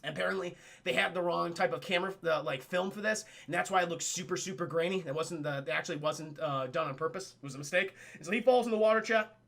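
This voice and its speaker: A man's voice: high-pitched, fast talker, gravelly, hardly any pauses, fairly bright tone. A man recapping a film scene by scene for his live chat, laughing, swearing and acting out the characters' lines. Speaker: streamer reviewing a film.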